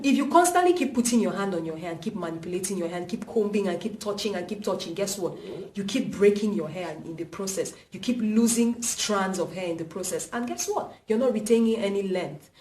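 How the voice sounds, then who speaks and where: A woman's voice: mid-range voice, darkish tone. Emphatic Nigerian woman in an echoey room. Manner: emphatic, repeats points for stress. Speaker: vlogger. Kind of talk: casual hair-care vlog. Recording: roomy echo, mic at a distance.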